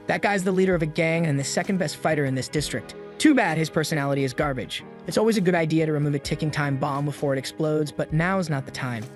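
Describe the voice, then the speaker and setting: Brief: calm, self-assured young hero, read by a male narrator, higher voice. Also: fast talker, few pauses, faint music behind, lightly acted. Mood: cool.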